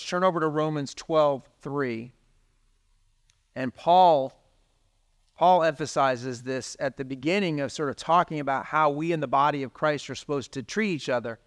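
A man preaching, talking casually with his listeners and reading scripture aloud. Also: fairly high pitch. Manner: conversational, reads scripture aloud. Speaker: pastor. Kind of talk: sermon.

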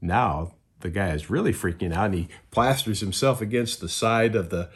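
Husky-voiced man preaching a sermon. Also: on the low side, normal speed. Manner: storytelling, acts out quoted voices. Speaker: pastor.

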